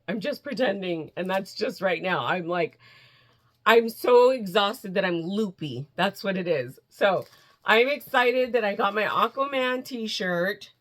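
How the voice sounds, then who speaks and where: A middle-aged woman vlogging in a chatty, excitable way, laughing often and restarting sentences. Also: mid-range voice. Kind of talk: casual chat. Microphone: camera in front, steps back and forth.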